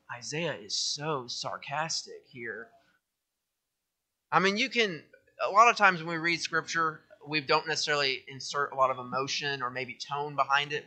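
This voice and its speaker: A young man preaching a sermon, reading scripture aloud with emphasis and then talking in a lively, conversational way. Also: on the high side.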